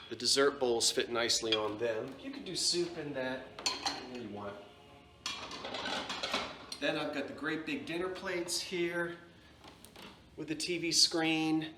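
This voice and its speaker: A man with a bright, forceful voice talks slowly through a casual show-and-tell of antique dinnerware. He often stops to hunt for a name, filling the gaps with "uh". The room is echoey, with a faint background hum. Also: mid-range voice. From United States. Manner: slow, unhurried, searching for names with many fillers. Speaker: antiques seller.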